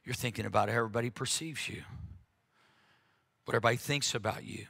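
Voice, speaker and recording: A man's voice: medium pitch, quick pace, gravelly, sharp tone. A man preaching a conversational sermon, talking earnestly and frankly, with frequent "uh"s and restarts.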